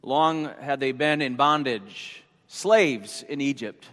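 A pastor delivers a sermon at a slow, measured pace, pausing between phrases and repeating key points. His voice sits at an ordinary male pitch. The sound carries a long reverb, as in a church sanctuary. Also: a bit bright. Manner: slow, deliberate preaching with repeated headings.

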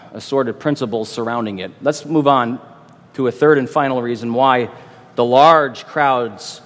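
A man's voice: medium pitch, big-room sound. A man who is a pastor, preaching an expository sermon with emphatic repetition and rhetorical questions.

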